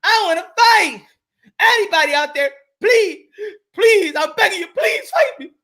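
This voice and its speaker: A man's voice: very high voice, lively intonation, a little slow, sharp tone, pitched above the performer's own voice, full character voice. A man voicing a grown male boxer who whines and pleads for anyone to fight him. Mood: pleading. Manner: whiny, pleading.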